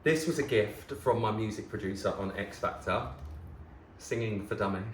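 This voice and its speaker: A man in his thirties chatting casually to camera, gushing and quick to get emotional as he shows old keepsakes. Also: fairly low pitch. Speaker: former talent show contestant, presenter. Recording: echoey room, faint hiss.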